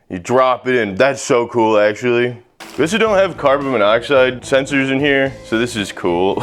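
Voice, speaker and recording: A young man hosting a comedic cooking video, joking crudely and swearing as he cooks and tells stories. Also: medium pitch. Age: young adult. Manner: crude, profane, self-mocking jokes. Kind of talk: casual comedic cooking vlog.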